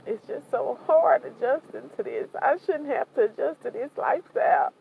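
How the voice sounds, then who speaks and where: A woman's voice: sits high, normal speed, creaky, phone-quality sound, slight background noise. A tearful woman vlogging, venting emotionally to the camera. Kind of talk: casual vlog monologue.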